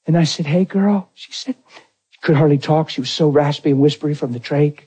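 A man preaching a personal testimony, acting out the dialogue, swinging from near shouts to hushed tones. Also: a little high, a little fast, breathy edge, lo-fi sound. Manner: acts out dialogue in his story. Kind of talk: testimony sermon.

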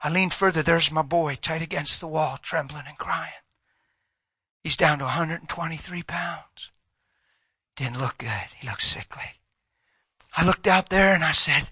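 A middle-aged male pastor preaching with dramatic shifts, loud and rapid one moment, whispering the next. His voice sits a little high and sounds bright, with a husky edge. The sound is close and dry. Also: no room sound. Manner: dramatic swings from loud and fast to hushed whispers. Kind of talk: sermon with storytelling. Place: church hall with audience.

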